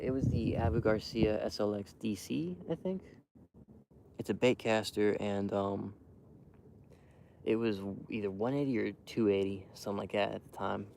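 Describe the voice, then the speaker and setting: A young man quietly rambling to his live stream while hunting outdoors in the cold wind, full of fillers and restarts. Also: fairly low pitch, vocal fry. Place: outdoors in a windy field edge.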